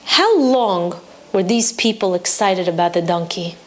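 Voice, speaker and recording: Woman doing a steady, wise wife talking her husband into it, voice dropped low and serious. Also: unhurried. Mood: earnest. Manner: calm, earnest persuasion.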